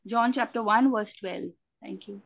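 A woman's voice: medium pitch, a little slow, creaky, no room sound. An Indian woman preaching a sermon, earnest, often restarting her sentences with fillers. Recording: dull lo-fi, dry sound.

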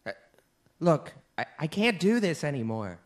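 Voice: medium pitch, big pitch swings, normal speed, natural voice. A performer voicing a tired young woman brushing off her ex-boyfriend on the phone. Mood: weary. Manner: weary, brushing him off.

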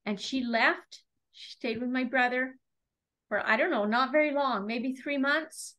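A woman's voice: on the high side, moderate pace, a bit bright, low-quality recording. A middle-aged woman from Canada teaching a Torah study over a video call, telling personal stories in an earnest way. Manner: earnest, storytelling, repeats words when moved.

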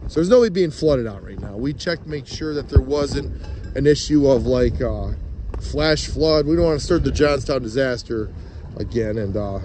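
A man vlogging outdoors by a pond, chatty and excited as he narrates while walking with a handheld phone. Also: mid-range voice, background noise. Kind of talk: casual outdoor vlog commentary. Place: outdoors by a pond and beaver dam. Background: rushing water.

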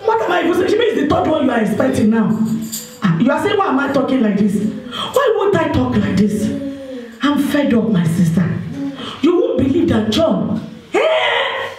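A woman with a Nigerian accent playing a single woman desperate to marry, pleading and complaining on a phone call in a church stage drama, with bursts of shouting. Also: high voice, sing-song, normal speed, faint music behind. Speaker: stage actor. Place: stage in an echoey hall. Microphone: distant mic. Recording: echoey hall, distant microphone.

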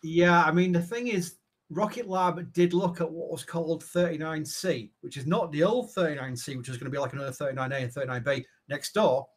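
A man co-hosting a live show in casual chat, telling things in a rambling, lively way. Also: on the high side, fairly quick. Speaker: co-host, managing editor.

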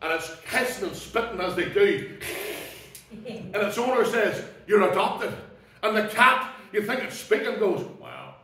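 A man preaching a sermon as pastor, emphatic, swinging between loud declarations and low, quiet asides. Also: normal speed. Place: church. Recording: echoey church hall, mic at a distance.

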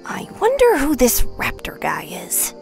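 Lady doing sweet young newcomer girl, high and bouncy, polite. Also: huge pitch swings, measured pace, vocal fry, soft background music, heavily acted. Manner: polite, friendly. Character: sweet young woman new to the island.

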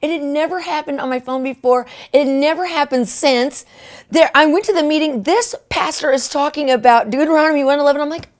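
Excited woman preacher, higher voice. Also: fairly quick. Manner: excitable storytelling, frequent "right?" and "okay?"; laughs often mid-sentence. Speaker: minister. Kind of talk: testimony sermon.

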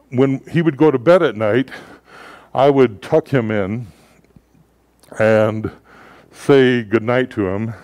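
A man giving a sermon as a pastor, telling stories in a relaxed, conversational way with frequent filler words. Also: medium pitch, dry recording.

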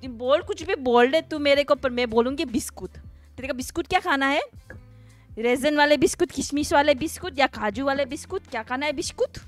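A woman's voice: sits high, racing, soft background music. A young woman with an Indian accent, casually chatting and joking with her livestream viewers. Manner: playful, giggly, greets chat viewers. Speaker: livestream host. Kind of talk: casual stream chat.

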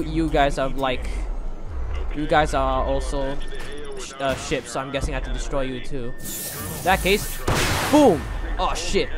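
A man giving excitable gameplay commentary, thinking aloud and swearing often. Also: fairly high pitch. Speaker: gamer playing a mech game. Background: background music.

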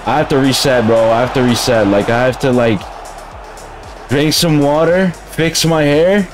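A man chats casually on a live stream at an ordinary, mid-range pitch, grumbling and throwing "bro" into his slangy talk. Music plays clearly behind him. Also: normal speed.

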